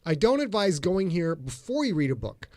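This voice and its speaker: A man's voice: high-pitched, big pitch swings, normal speed, a little mellow, no room sound. Joking man with a dry close mic. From Sheboygan area, Wisconsin. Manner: joking, rambling. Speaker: podcast co-host. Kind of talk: casual chat.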